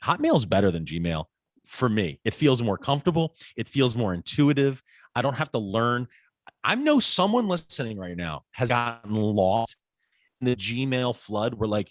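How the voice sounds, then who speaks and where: A man in his forties, a podcast guest, chatting casually and telling animated stories that act out the people in them. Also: medium pitch, moderate pace, no echo, clean studio sound. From United States. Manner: animated storyteller, acts out quoted voices. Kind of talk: casual interview conversation.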